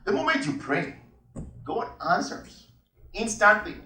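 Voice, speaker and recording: A man's voice: high-pitched, sing-song, a little slow, sharp tone, distant mic. Emphatic preacher man in an echoey hall. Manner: emphatic, repeats key phrases. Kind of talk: sermon with Bible reading.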